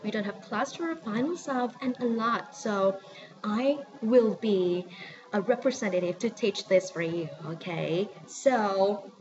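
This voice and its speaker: A woman's voice: medium pitch, a little mellow, muffled recording. A woman from Thailand with a Thai accent, teaching a spoken English lesson and often checking in with her listeners. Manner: coaching, often checking in with "okay?" and repeating phrases slowly.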